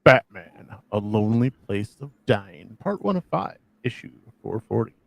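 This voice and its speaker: A man's voice: lowish voice, very animated, unhurried, vocal fry, no echo. A man co-hosting a live comic reading stream, rambling casually and making self-deprecating jokes. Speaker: co-host.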